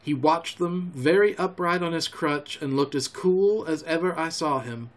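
A man hosting a storytelling show, reading a classic novel aloud in a calm, homely way. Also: fairly high pitch, unhurried. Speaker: storyteller host.

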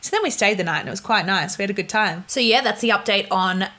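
A woman's voice: mid-range voice, quick pace. A young woman vlogger telling stories casually and with energy, laughing often and acting out the people in them, over a humming laptop. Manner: animated, laughing, acts out voices in stories. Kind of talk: casual storytelling to camera. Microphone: laptop mic. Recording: laptop fan humming behind.

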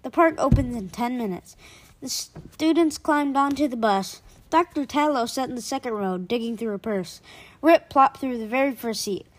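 A woman reading a children's book aloud on a podcast, lively, with casual asides to listeners. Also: high-pitched, normal speed. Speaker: podcast storyteller.

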